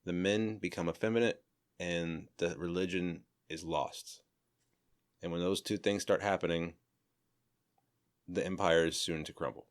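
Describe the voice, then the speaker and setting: Man, low pitch, podcast co-host, casual chat, relaxed storyteller. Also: measured pace, long pauses, clear, resonant tone. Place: home studio. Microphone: studio mic.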